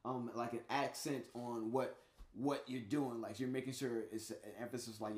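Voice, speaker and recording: A man with a Bay Area accent, co-hosting a casual podcast chat, animated and often laughing as he acts out quoted lines. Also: medium pitch, moderate pace, roomy sound. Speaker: podcast co-host.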